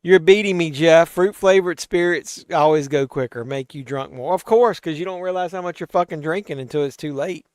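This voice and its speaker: A man's voice: a little high, fairly quick, hardly any pauses, clean tone, no echo, clean studio sound. Tipsy, profane man hosting a live chat stream. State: tipsy from drinking. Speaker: host of a live watch-along stream. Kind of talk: casual live-stream chat, reading chat aloud.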